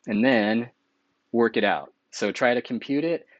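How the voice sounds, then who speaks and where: A man giving a recorded math lecture, relaxed and conversational, correcting himself now and then as he works through the steps. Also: mid-range voice, measured pace, no echo, muffled recording.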